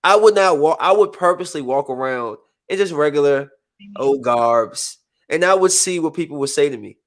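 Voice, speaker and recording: Guy hosting a chill podcast, kinda high voice, super animated, does voices for everyone he quotes. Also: normal speed. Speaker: podcast host. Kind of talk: casual chat.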